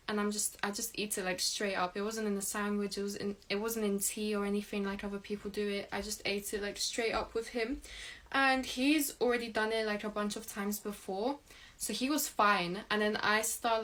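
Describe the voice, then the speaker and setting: A woman's voice: mid-range voice, fairly bright tone. A young woman telling a personal story in a casual, rambling way, filling her speech with "like". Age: young adult. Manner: chatty, rambling, heavy use of "like".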